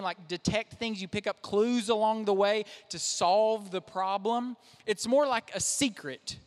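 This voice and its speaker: A young man, a pastor, preaching a sermon in a conversational, self-deprecating way. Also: high voice. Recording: reverberant hall.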